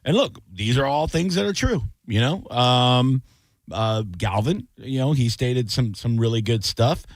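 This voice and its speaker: A man's voice: medium pitch, expressive, unhurried, no echo. A man hosting a radio aftershow, chatting casually and joking with callers, with lots of fillers and restarts. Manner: rambling, filler-heavy, joking.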